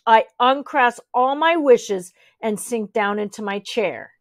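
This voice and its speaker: A woman reading a children's chapter book aloud, lively and switching voices for each character. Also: fairly high pitch, no room sound. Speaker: audiobook reader.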